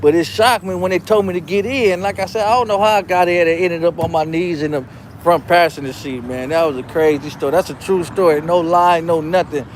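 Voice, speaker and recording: A man's voice: fairly high pitch, fairly quick, a little hiss or hum. A man hosting his own show, telling a rambling, profane personal story in a casual, repetitive way. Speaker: show host.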